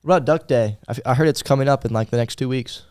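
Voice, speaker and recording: Playful teenage co-host. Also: male voice, mid-range voice, very fast, a little mellow, clear, resonant tone, dry recording, studio quality. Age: teens. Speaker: student podcast co-host. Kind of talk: casual chat.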